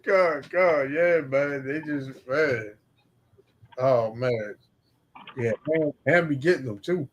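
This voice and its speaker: A man hosting a relaxed talk stream, drawling with lots of fillers. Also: medium pitch, takes it slowly, dull audio, a little hiss or hum. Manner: laid-back, drawling, many fillers. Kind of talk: casual chat and scripture reading.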